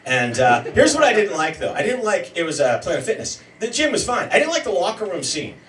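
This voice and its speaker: A man in his forties doing a self-deprecating stand-up comedy set, yelling during some bits. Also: sits high, big pitch swings, a little fast. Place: comedy show in a homemade bar. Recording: roomy, mic heard from a distance, noisy room.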